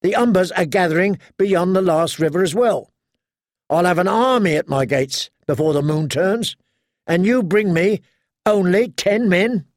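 Male reader voicing a desperate young lord, shouting and strained, pitched up high, gruff grain. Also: big pitch swings, unhurried, no echo, studio quality, full character voice. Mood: furious.

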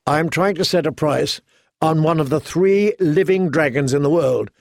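A man voicing a proud, shrewd young exiled queen who speaks calmly and firmly. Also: on the high side, gravelly, no echo, studio quality. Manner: calm, measured, firm.

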